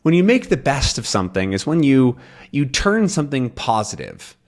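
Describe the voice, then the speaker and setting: A young man teaching English, explaining a comic slowly and clearly, rephrasing as he goes. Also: medium pitch, big pitch swings. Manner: slow, clear, repeats and rephrases.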